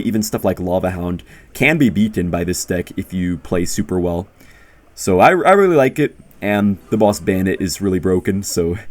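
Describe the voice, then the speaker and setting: A young man giving excitable, jokey live commentary on his own gameplay, talking straight to viewers and yelping when surprised. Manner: bursts into loud high-pitched exclamations when surprised. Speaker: gaming YouTuber.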